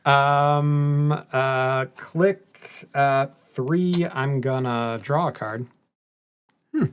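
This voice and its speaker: A man's voice: medium pitch, extremely slow, slight background noise. A man co-hosting a live stream, calling out each step of his turn in a card game with playful teasing. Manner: playful teasing, announces each click aloud. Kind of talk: casual chat while playing.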